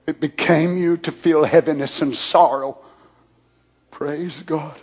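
A man preaching a sermon, praying aloud in hushed, near-whispered passages that build to loud, shouted fervor. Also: a little high, unhurried, slightly rough.

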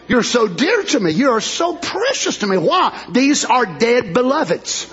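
A man preaching a sermon with fervor, climbing into shouted, rhythmic declarations and acting out voices of people in the story. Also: very animated, a little slow, few pauses, breathy edge, lo-fi sound. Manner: high, bright preaching voice, rising to shouted fervor.

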